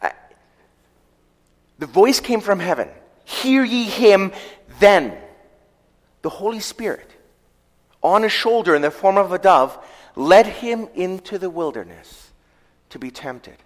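A man's voice: sits high, expressive. Man preaching in a reverberant hall. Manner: storytelling, swells and drops in volume, slows for quoted scripture. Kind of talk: sermon with scripture reading.

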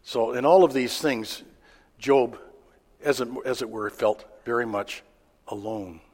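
A man preaching a sermon in a plain, unhurried way, often pausing on fillers and restarting his sentences. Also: mid-range voice, a little mellow. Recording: long hall reverb.

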